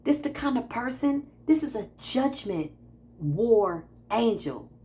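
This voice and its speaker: Animated woman spiritual talker. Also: fairly high pitch, takes it slowly. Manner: animated, laughing, quotes herself in playful asides. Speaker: spiritual practitioner and channeler. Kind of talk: casual spiritual talk to viewers.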